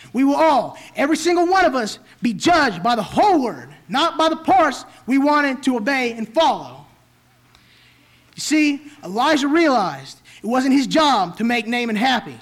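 Very high-voiced emphatic male preacher. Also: a bit bright. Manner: emphatic, repetitive rhetorical preaching. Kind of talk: sermon.

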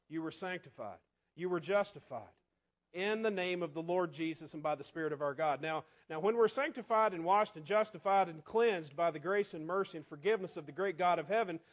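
A man preaching a sermon in a conversational way, asking the congregation rhetorical questions and often dropping to quiet asides. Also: a little high, lively intonation, brisk.

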